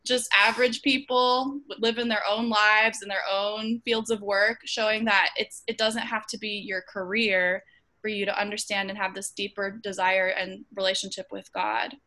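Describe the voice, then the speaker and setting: A woman leads a group discussion over a video call. Her voice is bright and forward, and her speech is earnest, dotted with ums and small restarts. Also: mid-range voice, little pitch movement, moderate pace. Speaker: host of an online Bible study.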